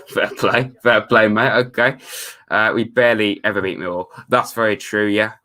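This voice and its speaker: A man's voice: on the low side, fairly even intonation, moderate pace, bright, forceful tone. A young man chatting casually to his viewers on a live stream, reading out their messages. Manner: chatty, reads chat messages aloud, laid-back.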